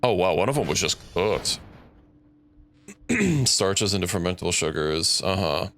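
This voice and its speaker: A man's voice: low voice, expressive, a little slow, creaky, a bit bright. A young man streaming a game, thinking aloud in a rambling, casual way and correcting himself as he goes. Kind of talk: casual gameplay commentary.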